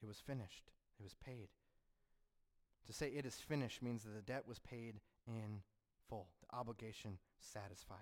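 Man preaching with dramatic hushed drops. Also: lowish voice, normal speed. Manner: swings between fervent rises and hushed, solemn drops. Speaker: pastor. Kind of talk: sermon.

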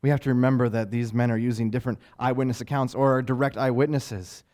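A man's voice: medium pitch, fairly even intonation, fast, a little mellow. Earnest male preacher asking rhetorical questions. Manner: conversational, with asides and fillers. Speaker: pastor. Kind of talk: sermon.

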